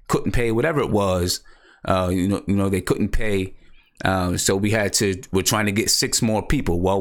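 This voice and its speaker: Excitable man hosting a fan live stream. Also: on the low side. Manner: excitable, repeats himself, reads chat aloud. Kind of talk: casual live stream chat.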